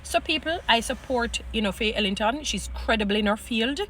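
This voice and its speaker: A woman's voice: a little high, a little fast, fairly bright tone, a little hiss or hum. A Jamaican woman giving an emphatic, rambling casual monologue to her viewers. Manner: rambling, emphatic, heaps praise, restarts and fillers. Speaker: vlogger.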